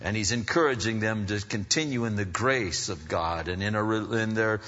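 A man preaching a sermon as pastor, animated, going from loud emphasis to soft asides. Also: fairly low pitch, normal speed. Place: church hall. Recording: dull sound, long hall reverb.

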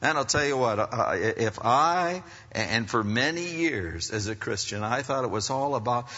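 A man preaching a sermon as pastor, animated, going from loud emphasis to soft asides. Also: medium pitch, unhurried, few pauses, breathy edge. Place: church hall. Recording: dull sound, long hall reverb.

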